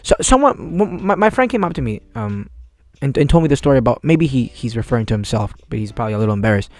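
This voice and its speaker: A man's voice: mid-range voice, big pitch swings, fast, darkish tone, no room sound. A man in his twenties hosting a casual solo podcast, rambling in laid-back slang with cursing. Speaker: podcast host.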